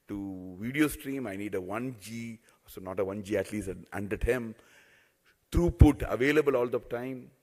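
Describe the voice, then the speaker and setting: A man's voice: fairly low pitch, a little mellow. A man, speaking as a telecom executive in a panel talk, earnest and often repeating or restarting his phrases.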